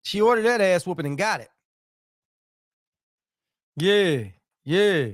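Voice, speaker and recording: High-pitched guy hosting a live stream, slangy and loose, just chatting with the viewers. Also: expressive, slow. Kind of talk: casual live-stream chat.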